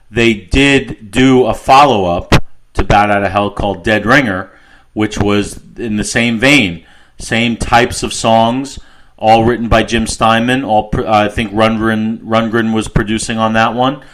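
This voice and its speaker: Middle-aged new guy, lowish voice, rambly podcast stories, faint hiss. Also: fairly even intonation, a little slow, a bit bright, low-quality recording. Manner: rambling anecdotal storytelling with restarts and laughs. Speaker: podcast co-host. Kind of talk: casual music podcast chat.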